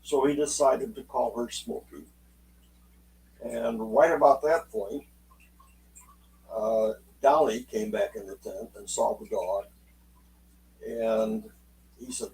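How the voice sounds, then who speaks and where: A man telling a true story aloud in an unhurried, folksy way, voicing the people in it as he goes. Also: lowish voice, fairly even intonation, vocal fry, darkish tone, far from the mic, a little hiss or hum, poor audio. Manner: unhurried, folksy, acts out quotes in dialogue. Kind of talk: spoken oral storytelling.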